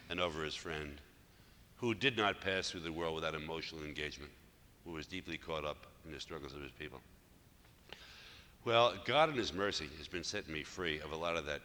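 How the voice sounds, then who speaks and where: A man in his sixties, a Catholic priest, telling a story in a sermon, moving between loud emphatic passages and hushed near-whispers. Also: a bass voice. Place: church hall. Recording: live church talk with long reverb and faint noise.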